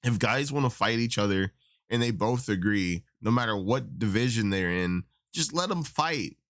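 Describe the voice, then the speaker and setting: A man's voice: lowish voice, lively intonation, moderate pace, a bit bright. A young man ranting about mixed martial arts in a casual, profane, exasperated way. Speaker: MMA commentator. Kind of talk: casual opinion rant.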